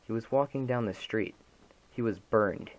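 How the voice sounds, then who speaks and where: A man's voice: on the low side, moderate pace, lightly acted, low-quality recording. A man voicing a terrified, panicked woman caller in a dramatic reading of a horror story, pleading and sobbing. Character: terrified middle-aged woman caller hiding.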